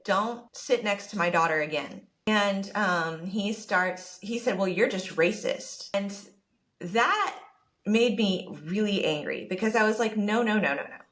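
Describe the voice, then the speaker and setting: A woman podcast co-host telling a personal story in casual chat, animated and quick to quote what everyone said. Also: mid-range voice. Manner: animated, quotes people in her story, rushes when upset.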